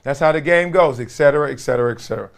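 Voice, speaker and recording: Male host from Compton, slightly high pitch, animated joking monologue style. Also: very fast, creaky. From Compton, Los Angeles. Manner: animated, joking, laughs often. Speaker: show host. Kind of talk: casual commentary monologue.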